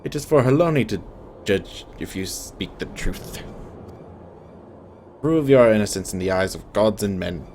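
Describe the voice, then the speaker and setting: A man's voice: fairly low pitch, unhurried, pauses often, darkish tone, slight background noise. A man voicing a stern inquisitor from a fantasy game with a grave, stately, mock-Shakespearean delivery. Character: stern male inquisitor, older, judgmental.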